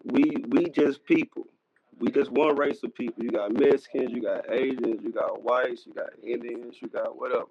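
Man, 30s, gravelly voice, blunt and slangy, casual podcast debate, dull dry sound. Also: mid-range voice, steady tone, moderate pace, dry recording. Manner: blunt, slangy, emphatic, repeats himself. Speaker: podcast co-host. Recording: lo-fi dry recording.

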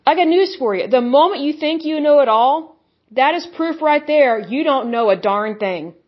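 High-voiced woman preaching with scorn. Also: expressive, moderate pace, dull audio. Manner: blunt, scornful, mocks opponents in put-on voices. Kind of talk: impassioned religious monologue.

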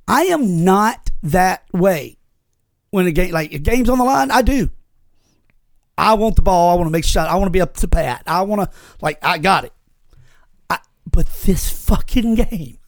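Heard on a dry recording, this male co-host has a high voice with vocal fry. He's animatedly recounting a story during a casual podcast conversation, swearing freely.

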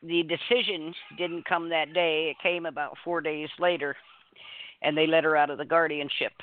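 A woman's voice: sits low, flat delivery, moderate pace. A woman co-hosting a talk radio show, telling a story in an earnest, rambling way with many restarts. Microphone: phone call. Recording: dry, tinny phone line.

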